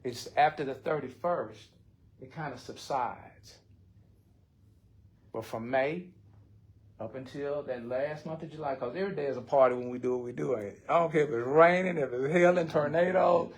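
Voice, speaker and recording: A man's voice: medium pitch, normal speed. An older man, speaking bluntly and with heart in a recovery support circle, often swearing. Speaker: recovery group member.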